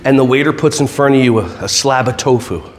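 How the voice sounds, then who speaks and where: A man giving a lively, joking keynote talk to a conference audience, drawing them in with questions and then guiding them through slow breathing. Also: mid-range voice, a little hiss or hum. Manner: animated, jokey, audience-involving; slow soothing breath-work guidance. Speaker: keynote speaker.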